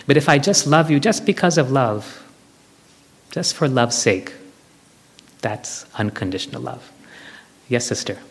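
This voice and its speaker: A man giving a devotional talk to an audience, animated, leading them in group chants. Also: medium pitch, unhurried, gravelly, pauses often. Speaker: spiritual speaker. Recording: hall with long reverb.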